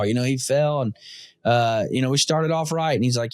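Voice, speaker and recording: A man hosting a casual hunting conversation, telling stories with lively acted-out quotes. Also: mid-range voice, a little fast, dry recording. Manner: animated storyteller, acts out quotes. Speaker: podcast host.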